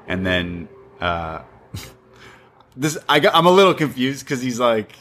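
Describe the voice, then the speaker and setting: A man's voice: mid-range voice, big pitch swings, unhurried, pauses often, a bit bright, slight background noise. A man casually recapping a wrestling show as podcast co-host, rambling and acting out the quotes. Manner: rambling, quotes people in their own voice.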